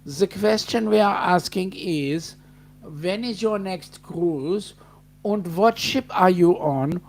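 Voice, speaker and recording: A man's voice: high voice, slow, gravelly, full character voice. A man putting on a mock German accent, greeting a friend in stiff, broken English. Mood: jokey greeting. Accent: put-on German. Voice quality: broken, overly formal English.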